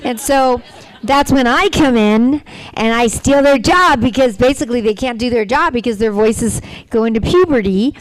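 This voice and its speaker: A woman voice actor on a convention panel answers fan questions playfully and chattily, speaking into a handheld microphone in a convention hall panel room. Her voice is a little high at normal speed, with no room sound.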